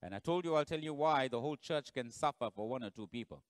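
A man preaching a sermon as pastor, telling the story dramatically and swinging between loud bursts and low, hushed lines. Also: fast talker, dry recording.

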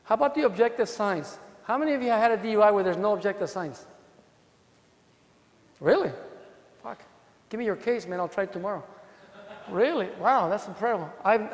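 A man with an accent giving an animated, joking conference talk to a room of lawyers. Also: high voice, brisk, long pauses. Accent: non-native English. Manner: animated, profane, jokes with the audience. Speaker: defense attorney presenting at a legal seminar. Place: hotel conference hall. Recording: long hall reverb.

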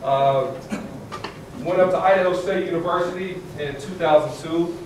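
A man in his thirties from California, telling his career story on a panel with a lively, laughing delivery. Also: fairly high pitch, moderate pace, a little hiss or hum. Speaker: panelist, former student athlete. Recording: echoey hall from far off.

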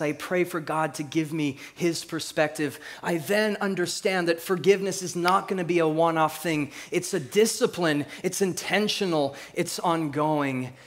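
A man preaching a sermon, telling stories and swinging between hushed reflection and lively, laughing delivery. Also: fairly high pitch, normal speed, few pauses. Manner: laughs at his own stories. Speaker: pastor.

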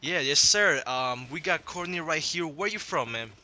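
Young male gaming host with an accent, bright and sharp tone, hyped, slangy, swears a lot. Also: on the high side, lively intonation, moderate pace, a little hiss or hum. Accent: non-native English accent. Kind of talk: casual gameplay commentary.

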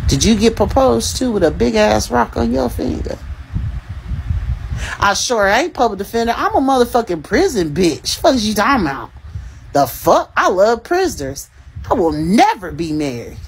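A woman's voice: medium pitch, big pitch swings, moderate pace, gravelly, a little hiss or hum. A young adult woman hosting a casual livestream, calling out commenters in a profane, teasing way and laughing between remarks. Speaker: livestream host reading comments.

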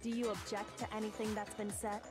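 A woman voicing a calm young female investigator who questions in a measured way. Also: mid-range voice, natural voice. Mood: composed. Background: game music.

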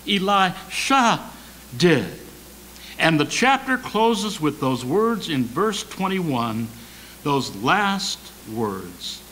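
Slow, dramatic male preacher. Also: a little high, sing-song, slight background noise, rough recording. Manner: dramatic swings from loud emphasis to soft near-whisper; slow deliberate preaching with repetition. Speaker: associate pastor. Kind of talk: sermon. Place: church sanctuary.

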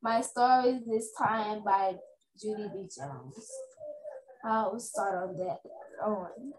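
A woman reading a children's chapter book aloud at a reading fair, halting now and then and restarting words. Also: medium pitch. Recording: echoey room, faint noise.

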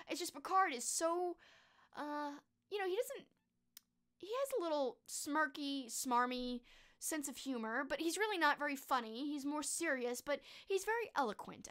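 A woman hosting a stream, chatting casually and animatedly about shows she watched. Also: high voice. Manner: chatty, animated, mild exclamations. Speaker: streamer host. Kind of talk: casual chat.

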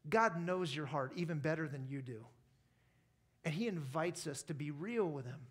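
A man with a notably high voice preaching at a church service in an American accent. He talks earnestly and conversationally, dropping easily into personal stories and light asides. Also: moderate pace, husky. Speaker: pastor. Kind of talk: sermon.

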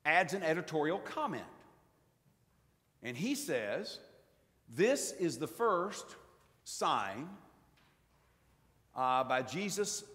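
A male pastor with a high, very lively voice preaches a sermon. He tells stories in a folksy, humorous manner. His voice rings out in a church with a long reverb.

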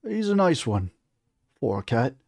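A man's voice: mid-range voice, sing-song, a little slow, darkish tone, no echo, clean studio sound, pitched above the performer's own voice. A man reading aloud and voicing a nervous, humble male messenger who stammers and speaks deferentially. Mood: nervous, apologetic.

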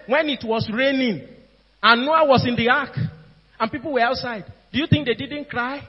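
A man preaching a sermon in a Nigerian accent, earnest, pleading and urgent. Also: very high voice. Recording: dull, echoey hall with soft music behind.

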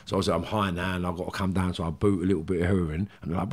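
Middle-aged London Cockney man, very low voice, candid podcast guest, rambling storyteller. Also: level tone, rapid-fire. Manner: streetwise, rambling, frequent "do you know what I mean".

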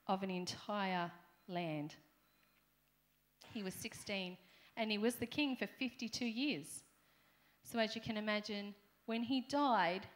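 A middle-aged woman with an Australian accent preaching a conversational sermon in a church, with playful asides to the congregation. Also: mid-range voice. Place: church hall.

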